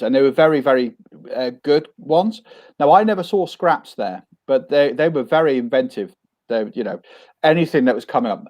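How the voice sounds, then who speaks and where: Animated man telling a chatty anecdote. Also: a little high. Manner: animated anecdotal storytelling with many restarts. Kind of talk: casual chat.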